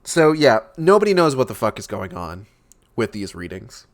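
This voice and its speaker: A man's voice: lowish voice, sing-song, moderate pace. A young man hosting a book club stream, reading a novel aloud and breaking in with sarcastic, profane commentary.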